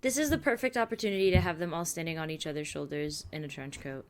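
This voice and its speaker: A woman co-hosting a casual movie reaction commentary, giggly and quick to react. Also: deep voice.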